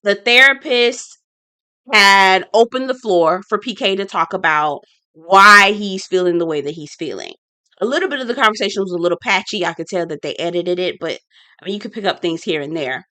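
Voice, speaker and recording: A woman's voice: mid-range voice, expressive, a little fast, bright, forceful tone, dry recording. A woman hosting a casual reality-show review vlog, blunt and sassy, talking straight to her viewers and repeating her points for emphasis. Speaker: reality TV recap host.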